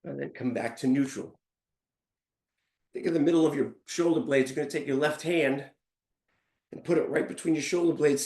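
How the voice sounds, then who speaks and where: A male fitness instructor leading a live workout class, counting reps aloud and giving calm step-by-step cues while out of breath. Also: on the high side, roomy sound.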